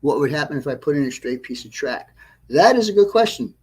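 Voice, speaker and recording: A man hosting a casual livestream about his model railroad, rambling and correcting himself, clearing his throat often, frustrated with a problem. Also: on the high side, very animated, fairly quick, a little mellow. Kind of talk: casual livestream chat to viewers. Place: train layout room at home.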